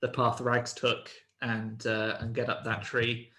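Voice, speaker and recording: A man's voice: mid-range voice, monotone, sharp tone. Man narrating a game in a roomy echo. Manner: measured, descriptive narration. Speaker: game master.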